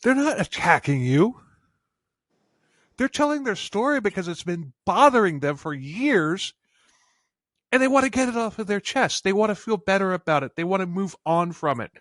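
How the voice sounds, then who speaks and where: A high-pitched male podcast host speaks in a casual interview. He talks with passion, stumbling over his words and restarting his sentences. The sound is dry and close, with no room echo. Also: animated, normal speed, a bit bright. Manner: impassioned, many restarts.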